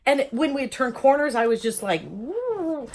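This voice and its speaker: A woman telling a personal story in a lively, joking way, acting out voices as she goes. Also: sits high, moderate pace, slight background noise. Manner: lively, jokey, acts out voices in quotes. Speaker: vlogger telling her own story.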